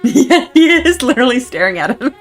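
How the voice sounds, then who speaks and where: A woman's voice: high voice, big pitch swings, a little fast, faint music behind. A woman co-hosting a let's play, laughing often and reading game lines. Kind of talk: voicing game dialogue with casual commentary.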